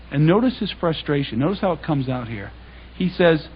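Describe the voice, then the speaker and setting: A man delivers a talk to a congregation in an animated, conversational way, retelling scripture in plain everyday speech. His voice sits high and sounds somewhat husky. The recording is dull and lo-fi. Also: brisk. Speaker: public speaker.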